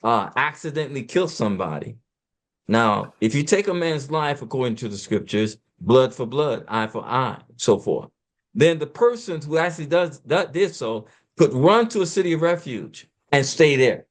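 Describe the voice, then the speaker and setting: Fast, preacherly man discussing scripture. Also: mid-range voice, animated. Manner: preacherly, quoting scripture with emphatic swings; talks fast at times.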